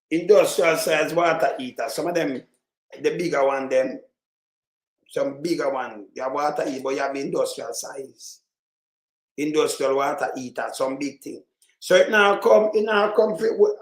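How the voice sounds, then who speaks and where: A man with a Jamaican accent, ranting commentary on the news, heated and preachy with sudden shouts. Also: a little high, roomy sound, rough recording. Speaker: online commentator.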